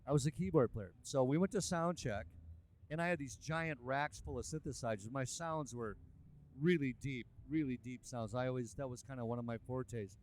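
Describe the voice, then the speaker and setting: A man, a musician and producer, telling a lively anecdote in a casual interview. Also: mid-range voice, normal speed. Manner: animated, lively anecdotal delivery. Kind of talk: casual storytelling.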